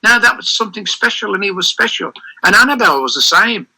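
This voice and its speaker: An older man with a bright, cutting tone and a pitch a little above most men's. He tells rambling stories in an animated way, often stopping to restart a sentence. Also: fast talker, gravelly, low-quality recording. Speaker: interview guest. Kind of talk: reminiscing interview over a call.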